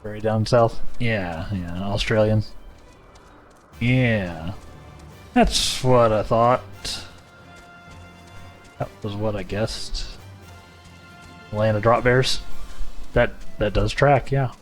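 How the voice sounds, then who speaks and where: A man's voice: lowish voice, takes it slowly, pauses often, faint music behind. A man chatting casually with his viewers while playing a game, easygoing and talkative. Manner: easygoing, chatty, addresses chat directly. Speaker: livestreamer.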